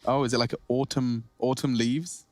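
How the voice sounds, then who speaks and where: A man's voice: medium pitch, fairly even intonation, normal speed, no room sound. Jokey male esports co-caster. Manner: jokey, playful banter. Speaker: esports color commentator. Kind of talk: live esports commentary and banter.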